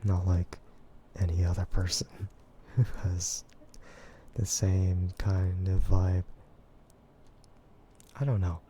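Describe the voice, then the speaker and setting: An American man chatting in a soft, gentle ASMR voice, relaxed and hesitant with frequent giggles. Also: sits low, slow pace, long pauses, slight background noise. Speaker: VTuber streamer. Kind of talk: soft-spoken ASMR chat.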